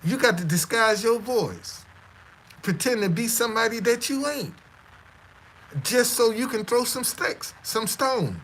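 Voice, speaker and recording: A man's voice: very high-pitched, unhurried, a bit bright, a little hiss or hum, poor audio. A man hosting a live stream, talking to his audience in a stammering, repetitive, defiant way. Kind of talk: casual live-stream monologue.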